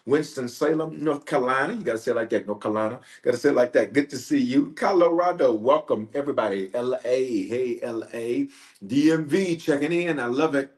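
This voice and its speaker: Energetic bishop leading online prayer. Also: male voice, mid-range voice. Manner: energetic, repetitive, calls out to viewers. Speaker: bishop, pastor. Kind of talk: livestreamed prayer service, casual greeting.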